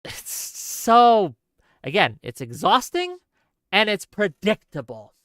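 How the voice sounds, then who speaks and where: A man's voice: high-pitched, big pitch swings, slow pace, fairly bright tone, no room sound, studio quality. A man hosting a livestream political commentary show, ranting sarcastically and exasperated at his viewers and reading their chat. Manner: talks straight to viewers, reads chat.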